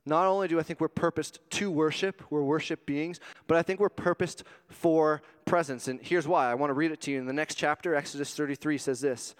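A man preaching a sermon as a youth pastor, animated and joking, swinging between loud exclamations and hushed asides. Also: a little high, a little fast, hardly any pauses, smooth. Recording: long reverb of a hall.

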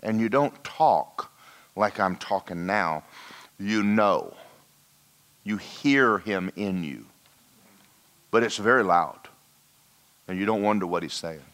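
A man preaching a sermon in a church, telling a personal story and dropping to a hushed voice for emphasis. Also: on the low side, lively intonation, slow pace, pauses often. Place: church hall.

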